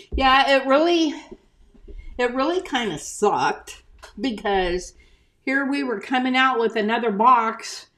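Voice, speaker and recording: A woman's voice: fairly high pitch, lively intonation, slow, fairly bright tone, a little hiss or hum. An older woman chatting casually on a live stream as a craft shop owner, greeting viewers by name and reading out their comments.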